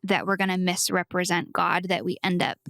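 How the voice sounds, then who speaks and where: A woman sharing a personal faith story in a casual discussion. She speaks earnestly, acts out the quotes she tells, and sometimes drops to a soft whisper. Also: lowish voice, little pitch movement, a little fast, no echo, studio quality. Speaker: podcast guest.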